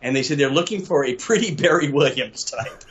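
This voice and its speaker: An older man from Mississippi, a guest telling lively stories over a video call and laughing often. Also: mid-range voice, fairly quick, muffled recording, crowd noise. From Southern US, Mississippi. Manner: animated storyteller, laughs often.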